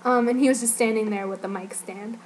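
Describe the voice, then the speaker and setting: A young woman with a slightly high voice recaps an event she attended. She talks in a casual, giggly, gushing way, stringing her thoughts together with endless "like"s. A faint background noise runs under the recording. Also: fairly even intonation, brisk. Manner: giggly, gushing, heavy use of "like". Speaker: fan giving an event report.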